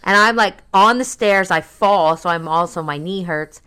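A young adult woman, casually chatting as co-host and telling stories in an animated way, with quick asides and high leaps in pitch when she quotes herself. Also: clear, resonant tone. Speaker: podcast co-host, daughter of the other host. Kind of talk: casual chat.

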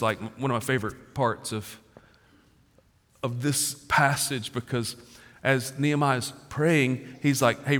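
A man in his forties preaching a sermon as a pastor, talking casually and slangily, swinging from loud emphasis to low, quiet stretches. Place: large church auditorium. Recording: long reverb of a large hall.

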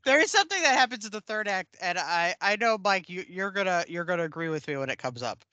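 A woman's voice: lowish voice, expressive, fast, sharp tone, dry recording. A woman co-hosting a casual film chat, blunt and playful, swearing freely. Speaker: podcast co-host.

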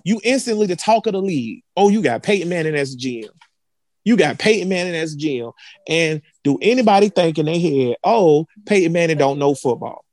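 A man's voice: on the high side, lively intonation, fairly quick, a little mellow, no echo. Opinionated man in casual sports chat. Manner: loose, opinionated, joking trash talk. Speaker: podcast co-host.

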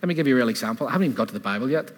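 A man preaching a sermon in an animated style, asking rhetorical questions and adding laughing asides, in a church hall. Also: mid-range voice, racing. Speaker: pastor.

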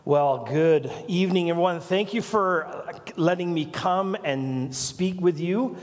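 A man's voice: high-pitched, takes it slowly, in a large hall, loud music behind the voice. A Canadian man preaching a sermon as pastor, telling rambling stories full of asides and small jokes. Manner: rambling, self-interrupting storytelling with asides and jokes. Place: church.

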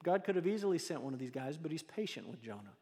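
A man's voice: on the high side, quick pace. Male pastor preaching in a reverberant hall. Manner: conversational, lively storytelling with rhetorical questions. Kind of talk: sermon. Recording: long reverb of a large hall.

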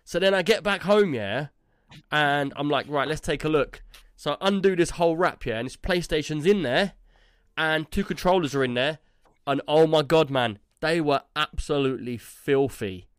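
A man spins a long, rambling anecdote for his podcast co-hosts, peppering it with "yeah?" and "like". His voice sits a touch high for a man. The sound is dry and close, with no room around it. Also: normal speed, clean tone, no echo. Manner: rambling, tags lines with "yeah?" and "like". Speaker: podcast co-host. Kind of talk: casual storytelling chat.

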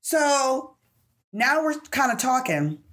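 Woman, casual storyteller, exasperated and expressive, lively pitch. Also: slow pace. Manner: animated, exasperated storytelling with mimicked voices. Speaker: storyteller recounting a bad date. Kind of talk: casual chat.

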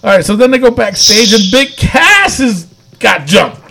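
A man's voice: extremely high pitch, sing-song, moderate pace, gravelly, bright, forceful tone. A man casually recapping wrestling episodes on a podcast, rambling with lots of fillers and frequent laughs. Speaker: podcast co-host.

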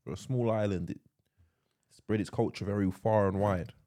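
A man's voice: on the low side, steady tone, normal speed, dark tone. A man co-hosting a podcast in casual banter, teasing and quizzing his co-host, often laughing.

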